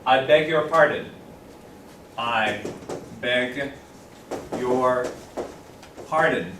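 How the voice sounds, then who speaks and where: A man teaching an English class, animated, repeating phrases slowly and clearly for his students. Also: medium pitch, noisy background. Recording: roomy classroom from a distance.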